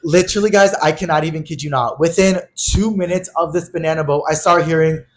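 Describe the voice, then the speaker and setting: A young man co-hosting a podcast, casually telling a wild travel story, swearing freely and acting out the yelling in his quotes. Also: a little high, fast talker, few pauses. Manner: animated, swearing, acts out yelled quotes. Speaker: podcast co-host.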